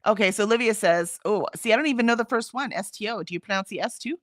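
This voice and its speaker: A woman's voice: mid-range voice, fast talker, dry recording, clean studio sound. A woman hosting a casual livestream, reading viewer comments aloud in a chatty way and laughing often. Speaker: livestream host.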